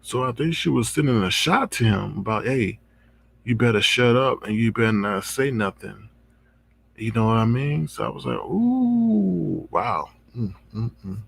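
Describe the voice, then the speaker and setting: A man with a gravelly, slightly husky voice hosts his own commentary channel. He talks casually and reacts to gossip with stretched-out exclamations. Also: lowish voice, moderate pace, no room sound. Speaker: drama commentary channel host.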